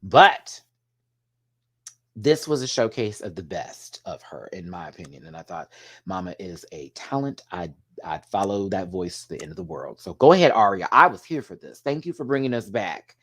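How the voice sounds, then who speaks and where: A man hosting a casual solo review, animated and emotional, swearing freely and using drag slang, rambling with restarts and asides to his viewers. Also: sits low, normal speed, breathy edge. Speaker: TV show reviewer.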